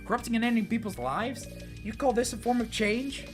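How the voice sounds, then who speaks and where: A man's voice: very high-pitched, a little fast, pitched above the performer's own voice. A man voicing a fierce young woman who angrily defies a king, with game music behind. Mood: indignant. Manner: sharp, indignant retorts.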